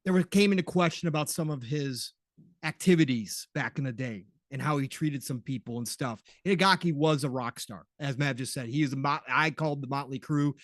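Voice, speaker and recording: A man co-hosting a casual gaming podcast, enthusiastic and quick to chime in with agreement. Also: mid-range voice, dry recording, studio quality. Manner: enthusiastic, talks over his co-host with quick agreements. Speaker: podcast co-host.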